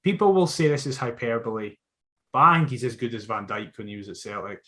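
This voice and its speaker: A Scottish man co-hosting a podcast, giving blunt, sweary, animated opinions in casual football chat. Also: medium pitch, fast. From Scotland. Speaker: podcast co-host.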